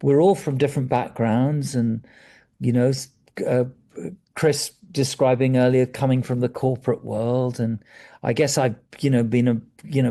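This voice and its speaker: A man in his sixties speaking as a guest about breathwork, in a gentle, meandering way that sometimes drops to a soft near-whisper. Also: mid-range voice. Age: 60s. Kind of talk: reflective conversational talk.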